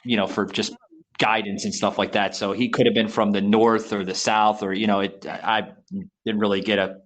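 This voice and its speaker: Halting man with endless you-knows. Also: fairly low pitch, level tone, fairly bright tone, rough recording. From Florida, USA. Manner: halting, repeats words, many you-knows. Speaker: podcast co-host. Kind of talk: casual podcast interview.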